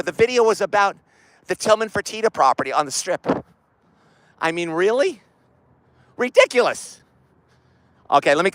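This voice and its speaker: An excitable man vlogging outdoors on a city street, rambling loudly at a phone set down nearby. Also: high voice, no echo, low-quality recording. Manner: excitable, loud and rambling, talks to his phone. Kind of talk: rambling comic street vlog. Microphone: phone camera set down nearby.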